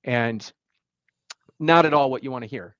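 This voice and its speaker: A middle-aged man telling a personal story as a podcast guest, halting and emotional, with many fillers and restarts. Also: mid-range voice, a bit bright, no room sound, highs cut off.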